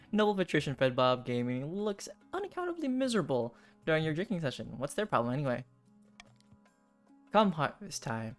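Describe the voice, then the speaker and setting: A man's voice: a little high, big pitch swings, normal speed, soft background music. A man hosting a game stream, chatting casually and reading game text aloud with frequent laughs and dry asides.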